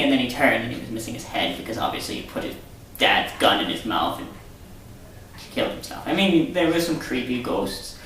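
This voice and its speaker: Hosting his own vlog, a man in a mid-range, animated, slightly bright voice delivers a brisk, sarcastic, rambling rant as a casual monologue. He's recorded off-mic from a distance in an echoey room with faint hiss.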